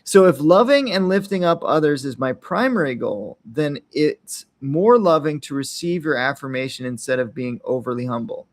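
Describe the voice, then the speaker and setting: A man's voice: a little high, lively intonation, moderate pace, few pauses. Rambling man hosting an unscripted podcast. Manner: rambling, frequent tag questions, acts out little quotes. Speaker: podcast host.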